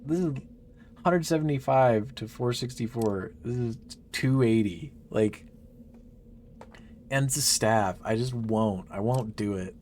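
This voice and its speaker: A man's voice: lowish voice, a little hiss or hum. A man giving casual, exasperated commentary while playing a game, swearing and laughing as he rants. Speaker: gaming channel host.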